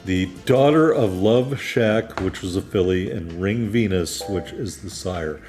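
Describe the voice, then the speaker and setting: Casual let's-play host, a man with a lowish voice, chatty and meandering, faint game music underneath. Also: unhurried, darkish tone. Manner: rambling, many ums, self-deprecating asides.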